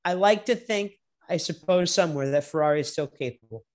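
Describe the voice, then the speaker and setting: A young man co-hosting a casual racing podcast, animated and profane, sometimes breaking into loud drawn-out shouts. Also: fairly high pitch, a loud crowd. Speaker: podcast co-host. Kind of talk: casual sports chat.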